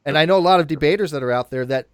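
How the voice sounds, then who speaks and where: A man hosting a casual panel chat, animated, often repeating himself and restarting his sentences. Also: a little high, very fast, clear, resonant tone, no room sound, clean studio sound. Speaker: show host.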